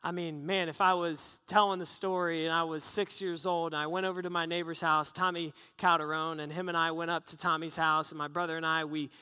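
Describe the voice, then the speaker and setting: A man's voice: a little high, flat delivery, fairly quick, few pauses, bright, forceful tone, clean tone, big-room sound. A middle-aged man preaching a sermon, telling stories with playful, self-deprecating humor. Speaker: pastor.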